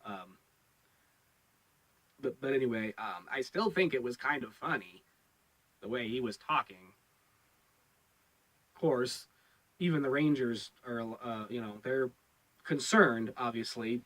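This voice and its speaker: A man's voice: medium pitch, expressive, slow, long pauses, fairly bright tone, low-quality recording. Rambling man reviewing a show. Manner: rambling, repeats words, many fillers. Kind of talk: casual episode review.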